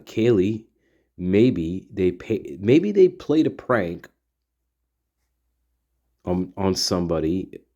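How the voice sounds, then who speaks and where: A man's voice: fairly low pitch, dark tone, lo-fi sound. A man hosting a casual monologue, rambling and repeating himself as he thinks aloud and talks straight to his listeners. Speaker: podcast host.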